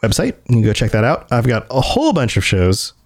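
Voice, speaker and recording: A man's voice: mid-range voice, huge pitch swings, brisk, dry recording, clean studio sound. A man hosting a podcast in casual chat, rambling and laughing easily as he talks. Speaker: podcast host.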